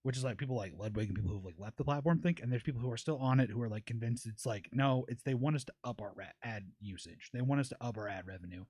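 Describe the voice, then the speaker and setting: A man hosting a casual podcast, telling stories quickly and acting out the people he quotes, with plenty of swearing. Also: mid-range voice, no room sound. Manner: fast, animated storytelling with swearing and quoted voices. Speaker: podcast host and streamer. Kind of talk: casual chat.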